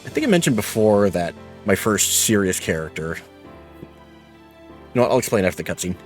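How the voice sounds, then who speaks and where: A man's voice: fairly low pitch, big pitch swings, a little fast, faint music behind. A man hosting a let's play, chatting casually about the story and swearing now and then. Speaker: VTuber let's play host. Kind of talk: casual gameplay commentary.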